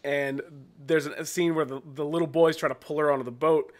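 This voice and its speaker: An easygoing man talks through a TV episode in loose, casual chat, his voice sitting a little higher than most men's. He laughs easily and slips into quick little voices to act out lines from the scenes. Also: steady tone. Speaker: podcast co-host.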